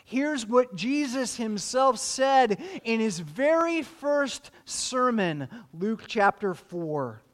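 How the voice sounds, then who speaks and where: A man's voice: extremely high pitch, big pitch swings, slow pace, few pauses, big-room sound. A man preaching a sermon as pastor, joking dryly in asides and then stacking earnest rhetorical questions.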